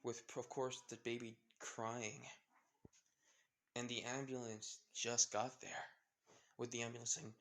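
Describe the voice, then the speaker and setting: A man narrating an improvised fan story in a mid-pitched voice. He rambles, restarts often and keeps linking scenes with loose fillers. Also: flat delivery, a little slow, long pauses, a bit bright. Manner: rambling, heavy use of "with, of course" and restarts.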